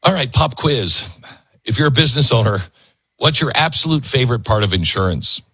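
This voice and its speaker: A man's voice: medium pitch, lively intonation, fairly quick, bright, forceful tone, husky, dry recording. A man hosting a political talk radio show, ranting sarcastically. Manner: sarcastic, ranting, mocking voices.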